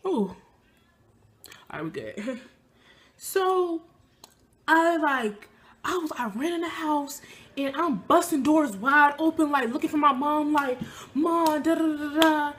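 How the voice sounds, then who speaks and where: A woman's voice: high voice, takes it slowly, long pauses. A young woman telling a personal story in casual speech, acting out what people said in a raised voice. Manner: animated, acts out quoted lines in a raised voice. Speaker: vlogger.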